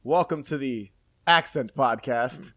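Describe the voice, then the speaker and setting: A man from New York City with a New York accent, hosting a podcast in casual chat, jokey and quick to laugh. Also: medium pitch. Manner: laughs often, loud and jokey. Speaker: podcast host.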